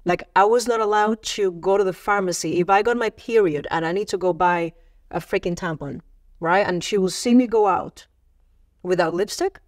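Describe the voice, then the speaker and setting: A woman sits as a guest in an interview and tells animated stories. Her voice sits in an ordinary middle range, and she keeps restarting her sentences as she talks. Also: mid-range voice. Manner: animated storytelling, many restarts, quick laughs. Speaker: celebrity guest. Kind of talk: candid interview chat.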